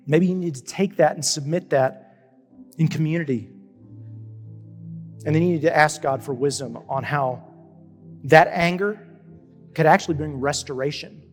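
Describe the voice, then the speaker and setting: A younger man, a pastor, preaching a conversational sermon with animated stops and restarts. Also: high voice. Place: church auditorium. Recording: church hall with long reverb.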